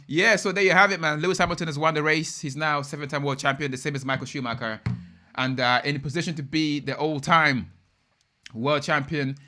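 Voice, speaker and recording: Excitable young man, bright voice. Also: mid-range voice. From United Kingdom. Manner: excitable, slangy, chatty with viewers. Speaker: live stream host. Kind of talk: live race watch-along commentary.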